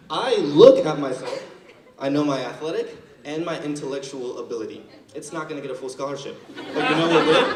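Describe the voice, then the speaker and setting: A young man performing a stand-up comedy set as a student, telling stories casually and acting out the people in them. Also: on the high side. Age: young adult. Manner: casual storytelling, acting out quoted characters. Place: university auditorium stage. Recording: roomy hall, mic far off, loud crowd. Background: laughing audience.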